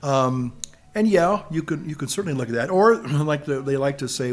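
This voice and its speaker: A man's voice: on the high side, lively intonation, normal speed. A man hosting his own channel, talking through a film in a casual, rambling monologue that often halts and restarts while he hunts for words. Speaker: channel host.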